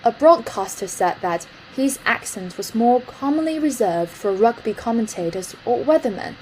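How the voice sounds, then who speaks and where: A woman's voice: a little high, expressive, normal speed, darkish tone, slight background noise, rough recording. A woman hosting a language lesson, explaining an article in an explanatory way and slipping into French with ease. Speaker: host explaining news articles.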